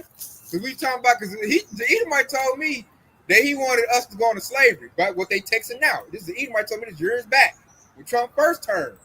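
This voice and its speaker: A man's voice: very high voice, animated, fairly quick, pushed and bright, breathy edge, rough recording. A man talking casually about religion as a host, emphatic and full of slang, acting out the voices of people he quotes.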